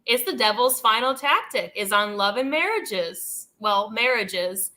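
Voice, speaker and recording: Woman host, casual rambling commentary, bright higher voice, amused asides. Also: animated, a little slow. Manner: rambling, heavy use of "like" and "dude"; amused, laughs between thoughts. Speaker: channel host.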